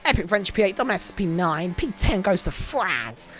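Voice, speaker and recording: A woman hosting and commentating a sim racing event, laughing often and straining her voice from shouting. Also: a little fast, soft background music. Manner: excitable, laughs often, voice leaps high and loud in exciting moments. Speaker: race commentator and host.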